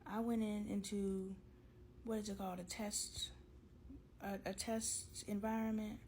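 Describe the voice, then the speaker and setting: A woman talking candidly to camera in a casual storytime vlog, slangy and animated, acting out both sides of an argument with her husband. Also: mid-range voice, a little slow, a little hiss or hum, poor audio. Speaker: vlogger.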